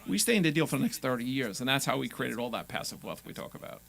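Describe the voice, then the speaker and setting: A man being interviewed as a guest on a radio show, talking about his business with a confident sales pitch. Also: expressive, fast talker, vocal fry, a bit bright. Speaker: guest, real estate investor. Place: radio studio.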